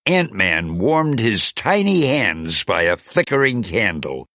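A man reading a children's picture book aloud in a gentle, expressive way. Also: fairly low pitch, dry recording, clean studio sound. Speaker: children's storybook reader. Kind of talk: read-aloud storytelling.

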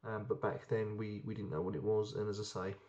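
A man's voice: fairly low pitch, little pitch movement, brisk, darkish tone, highs cut off. A young man chatting casually and enthusiastically while reviewing beers, rambling with plenty of ums. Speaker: beer reviewer. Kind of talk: casual beer review vlog.

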